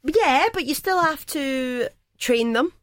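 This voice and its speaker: A woman's voice: high voice, animated, slow pace. A woman co-hosting a radio show, chatting in an upbeat, bubbly way and laughing easily. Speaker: radio co-host. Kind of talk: casual radio chat. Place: radio studio.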